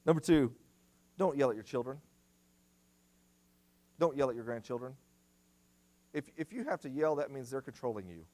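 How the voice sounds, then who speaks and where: A middle-aged man preaching in a church, his pitch climbing and dropping freely as he drives each point home. He repeats short commands for stress and talks straight to the congregation. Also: animated, normal speed, long pauses, a little mellow. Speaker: guest speaker at family seminar. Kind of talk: sermon.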